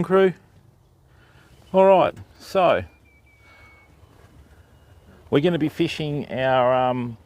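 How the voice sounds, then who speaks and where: A man's voice: mid-range voice, dry recording. A middle-aged Australian man hosting an outdoor fishing livestream, casually greeting viewers by name as he talks. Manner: greets viewers by name, laid-back and chatty. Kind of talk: casual live-stream chat. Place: outdoors by a river on private property.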